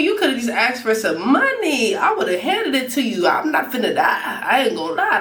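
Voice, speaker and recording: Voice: medium pitch, wildly swooping pitch, normal speed, fairly bright tone. Slangy reaction host in a roomy space. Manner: slangy, emphatic, talks back at the screen. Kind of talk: casual reaction commentary. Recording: roomy and distant from mic.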